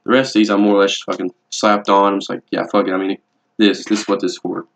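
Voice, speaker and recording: Fast-talking profane young man. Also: on the low side, little pitch movement. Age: young adult. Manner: profane, rambling, laid-back and blunt. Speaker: vlogger. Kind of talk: casual vlog monologue showing his tattoos. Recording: dull lo-fi home video audio.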